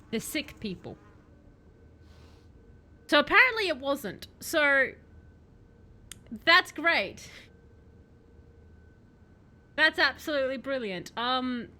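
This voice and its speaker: A woman's voice: a little high, bright, forceful tone. A woman streaming a game, chatting animatedly with her viewers, self-mocking and reading out their messages. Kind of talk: let's-play commentary chatting with chat.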